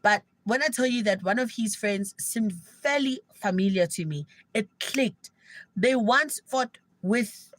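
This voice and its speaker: A young South African woman telling an animated, gossipy story to viewers of her live stream in casual slang. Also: mid-range voice, no room sound, poor audio. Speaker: livestreamer.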